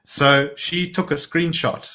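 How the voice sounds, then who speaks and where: A man's voice: a little high, fairly even intonation, slow, sharp tone. A man co-hosting a casual chat, telling a story and filling his sentences with "kinda" and "like". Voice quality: filler-heavy, "kinda" and "like". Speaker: podcast co-host.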